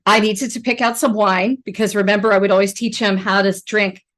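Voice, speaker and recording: A woman hosting a podcast, talking casually and with feeling, laughing often as she tells animated stories. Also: mid-range voice, fairly quick. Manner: animated storyteller, laughs often, mimics voices. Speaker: podcast host. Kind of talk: casual, emotional remembrance conversation.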